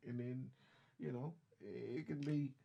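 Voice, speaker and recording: A man's voice: medium pitch, steady tone, slow, gravelly, mellow, lo-fi sound, slight background noise. A trucker in his fifties chatting casually on a live stream from his truck cab. He rambles bluntly and swears freely, filling his talk with "you know". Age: 50s.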